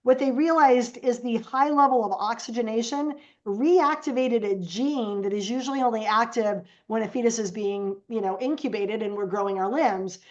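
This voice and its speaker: Animated storytelling woman, lo-fi sound. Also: a little high, moderate pace, hardly any pauses. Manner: animated, acts out quoted voices. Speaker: podcast guest. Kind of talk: casual storytelling.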